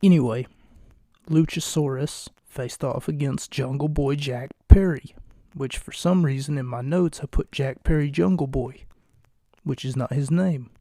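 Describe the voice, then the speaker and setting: Guy doing a solo wrestling podcast at 2am, half whispering, flat mellow voice, dry close mic. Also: a little high, vocal fry, no echo. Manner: hushed, late-night, jokey and rambling. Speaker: podcast host. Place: home recording space at night.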